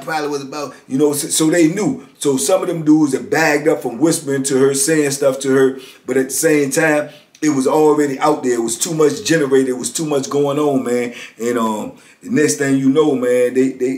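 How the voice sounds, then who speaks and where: A middle-aged man telling a prison story in a casual, animated way, acting out the quotes and often asking "you know what I'm saying". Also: fairly high pitch, roomy sound.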